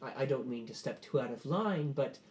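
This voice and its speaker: A man's voice: mid-range voice, animated, moderate pace, darkish tone, lightly acted. A fussy noble host, overly courteous and full of stammers and restarts, as a man puts him on. His politeness hides a scheme, in a tabletop game. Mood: probing.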